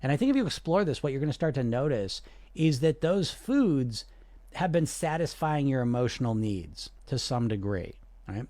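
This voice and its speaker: A man's voice: medium pitch, very animated, moderate pace, mellow, no room sound. Guy doing a coaching talk, keeps asking right? okay?, mid voice, dry close mic. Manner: earnest and persuasive, often checking in with "okay?" and "right?". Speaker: weight loss hypnosis coach. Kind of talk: direct-to-camera coaching talk.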